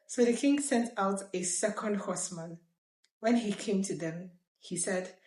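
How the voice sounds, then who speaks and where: A woman reading scripture aloud in a lively way, breaking off now and then for chatty asides. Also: mid-range voice, a little slow. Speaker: Bible reader. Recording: roomy echo.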